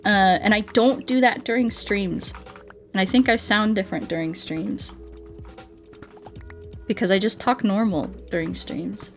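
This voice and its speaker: A playful, goofy woman streaming a game and chatting freely with her viewers. Her speaking voice sits at an ordinary middle pitch for a woman, and she keeps poking fun at herself. Game music plays faintly underneath. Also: unhurried, pauses often. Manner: goofy, playful, self-joking. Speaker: streamer and ASMR artist. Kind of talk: casual livestream chat with viewers.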